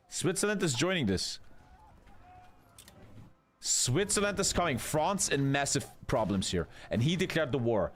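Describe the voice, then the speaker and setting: Excitable, profane young male game caster. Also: on the high side, a little slow, pauses often. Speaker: streamer casting a multiplayer strategy game. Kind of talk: live game commentary.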